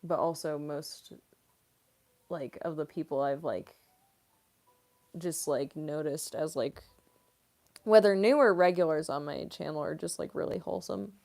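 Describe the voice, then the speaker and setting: Slow-talking chatty young woman. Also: sits low, vocal fry, a little mellow. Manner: chatty and rambling, many fillers; giggly. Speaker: voice actress streamer. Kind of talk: casual livestream Q&A.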